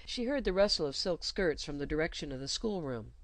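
A woman reading a story aloud in an expressive, measured way. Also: low voice, no room sound. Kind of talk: scripted storybook narration.

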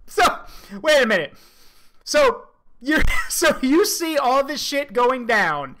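A man's voice: very high voice, wildly swooping pitch, takes it slowly, long pauses, pushed and bright. Casual laughing male streamer. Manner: laughing, rambling, swears casually. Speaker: streamer reacting to a video. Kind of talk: casual reaction commentary.

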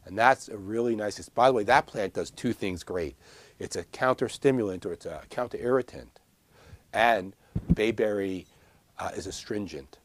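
A man from Long Island with a New York accent teaches herbal first aid in a casual, digressive filmed lecture, dropping self-deprecating asides and gesturing a lot as he talks. His voice is fairly low and moderately paced, with no echo.

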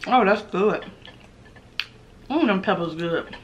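A woman's voice: mid-range voice, expressive, takes it slowly, lo-fi sound, a little hiss or hum. A young woman hosting a casual eating vlog, teasing and talking between bites. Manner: loose, teasing, talks while eating, drawls. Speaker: mukbang channel host.

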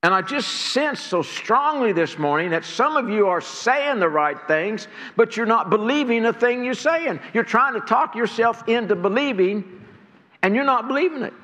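A man's voice: extremely high pitch, animated, moderate pace, sharp tone. A man preaching a sermon to a church congregation, earnest and stirring, often repeating words as he builds. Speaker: pastor. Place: church sanctuary. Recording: long hall reverb.

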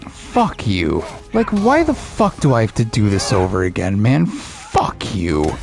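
A man's voice: fairly low pitch, wildly swooping pitch, normal speed, creaky, over music. A man who is a father, giving profane, frustrated let's play commentary as he rants at the game. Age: adult father. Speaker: gaming channel host.

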